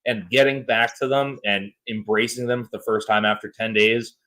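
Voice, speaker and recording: A man in his thirties hosting a podcast, telling stories in an animated, jokey way with some swearing. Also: fairly low pitch, moderate pace, rough recording. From United States. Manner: animated storyteller, jokey and profane. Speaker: podcast host. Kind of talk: casual chat.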